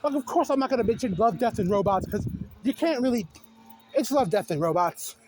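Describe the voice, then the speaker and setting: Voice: mid-range voice, animated, fairly quick, a little mellow, soft background music. A young adult vlogger ranting off the cuff, exasperated and incredulous, firing off repeated questions and the odd swear word. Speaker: video creator. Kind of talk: unscripted rant to camera.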